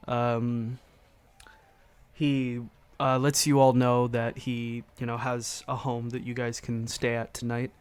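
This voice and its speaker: A man narrating a tabletop game as game master, halting and correcting himself as he goes. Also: medium pitch, level tone, clear, resonant tone.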